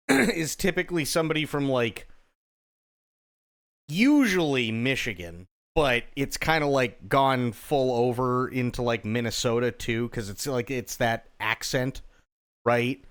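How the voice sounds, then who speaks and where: A man's voice: medium pitch, animated, slow. A man livestreaming a game, chatting casually and rambling, with restarts and casual swearing.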